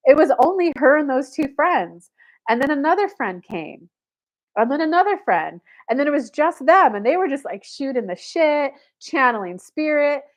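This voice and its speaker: On a livestream, a woman who works as a coach and spiritual reader tells an animated story about herself in the third person, acting out the voices of the people involved. Her voice is high and her pace moderate.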